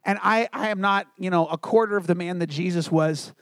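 A man with a high voice delivers a sermon as a pastor, telling his story in an earnest, heartfelt way. He drops to quiet, low tones when he quotes people or presses a point. The sound is close and dry, with little room echo. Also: brisk.

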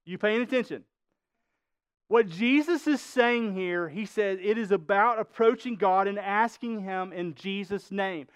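A man's voice: high voice, a little slow, clean tone, dry recording. A male pastor preaching a sermon, emphatic, quizzing the congregation with rhetorical questions.

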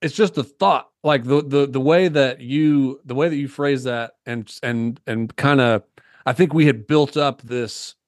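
A man chats as a podcast guest in an ordinary mid-range voice. He is earnest and a little halting and restarts his phrases often. The recording is dry and close. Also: mid-range voice, no echo. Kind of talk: casual conversation.

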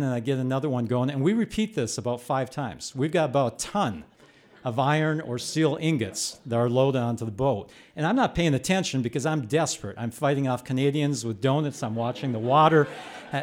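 An older man telling a personal story on stage, animated and building to loud bursts as he relives the chaos. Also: mid-range voice. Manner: animated, rising to shouts when reliving the chaos.

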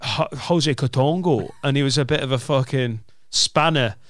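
A man's voice: mid-range voice, moderate pace, a bit bright, no room sound, studio quality. A man with a Lancashire accent, a comedian chatting casually on a podcast, swearing and telling stories. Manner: sweary, joking, storytelling.

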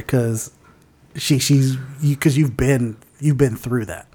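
A man's voice: a little high, normal speed, darkish tone. A man co-hosting a casual movie-review podcast, rambling and searching for words as he talks, with the odd swear. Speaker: podcast co-host.

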